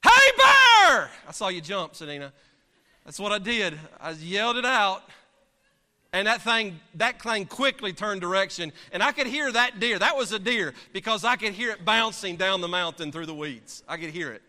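A man, a pastor, preaching and telling a story from the pulpit in an animated, dramatic way, heard in a church sanctuary. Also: sits high, normal speed. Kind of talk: sermon storytelling. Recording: long reverb of a large hall.

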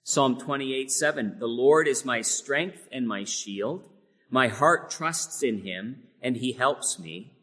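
A man's voice: medium pitch, takes it slowly, a bit bright, slightly rough. A man preaching a sermon, earnest and building to emphatic peaks on key phrases. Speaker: pastor. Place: church sanctuary. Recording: long hall reverb.

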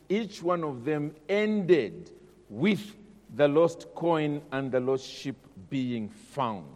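Dramatic male preacher in a reverberant hall. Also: on the high side. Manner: dramatic, swings between hushed and loud. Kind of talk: sermon.

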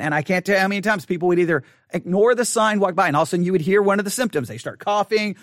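A middle-aged man telling a story in a casual monologue, animated and acting out what people said, rising toward a shout when exasperated. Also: sits high, rapid-fire, dry recording, studio quality. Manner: animated, acts out quotes, rises to near shouting when exasperated.

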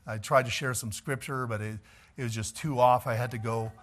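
A male pastor preaching a sermon, telling stories in an animated way and chuckling as he goes. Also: mid-range voice, brisk.

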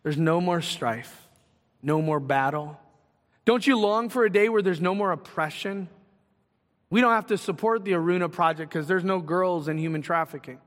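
A man preaching a sermon as pastor, animated and full of rhetorical questions. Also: high voice, normal speed, in a large hall.

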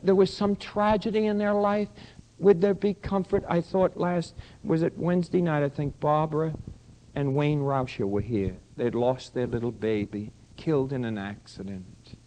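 An older man preaching a sermon as pastor, dropping to a hush and then rising to loud, pressing questions at his congregation. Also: a little high, moderate pace, a little hiss or hum, rough recording. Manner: swings from hushed to loud preaching.

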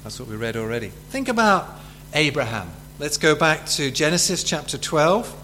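A man's voice: on the high side, sing-song, moderate pace, sharp tone, slight background noise. A man preaching a sermon in a chatty way, full of rhetorical questions to his listeners.

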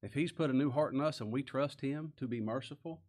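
A man preaching a sermon, swinging between quiet stresses and raised, impassioned emphasis. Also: medium pitch, brisk. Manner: impassioned, rising and falling emphasis. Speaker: pastor.

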